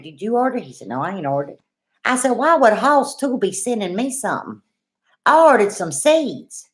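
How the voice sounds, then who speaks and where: A middle-aged woman with a Southern US accent, telling a homestead story to her viewers in a folksy, animated way. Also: mid-range voice. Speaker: homestead vlogger.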